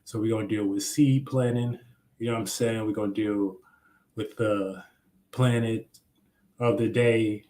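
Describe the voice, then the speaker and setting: A man's voice: fairly low pitch, fairly even intonation, a little slow, long pauses, mellow. A young adult man hosting a live astrology stream, talking loosely and slangily in rambling explanations. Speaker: astrology livestream host. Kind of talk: casual livestream talk.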